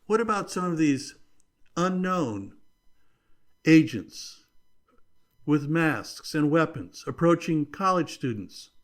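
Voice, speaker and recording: A man hosting his leadership podcast, speaking in a deliberate, emphatic way with measured pauses. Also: on the high side, big pitch swings. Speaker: podcast host. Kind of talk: scripted leadership commentary.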